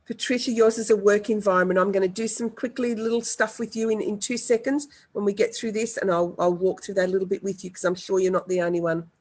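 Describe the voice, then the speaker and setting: Speaking in a mid-range voice with flat delivery, a woman who practices EFT guides a group through tapping. She repeats slow affirmations and coaches each participant by name.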